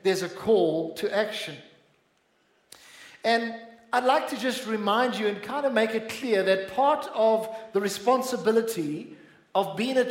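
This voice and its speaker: A man with a South African accent preaching a sermon earnestly and calling out to the congregation. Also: high-pitched. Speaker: pastor. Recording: echoey church hall.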